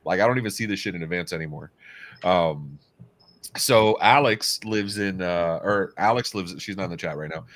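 Give me a man with a deep, fairly low voice hosting a relaxed talk show. He tells rambling stories and swears freely. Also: normal speed. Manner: loose, swearing, storytelling. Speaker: host. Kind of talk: casual chat.

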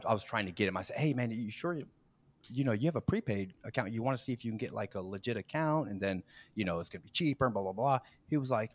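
With a fairly low voice and a dry recording, a man in his forties hosting a podcast shares a workplace anecdote casually. He performs the quotes with animation, laughing along and frequently starting sentences over.

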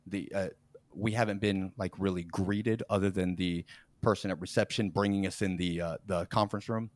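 A man's voice: sits low, moderate pace, no room sound. A man hosting a podcast, telling a story in casual chat, often laughing and acting out the people in it. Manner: animated, laughs often, acts out quoted people. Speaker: podcast host.

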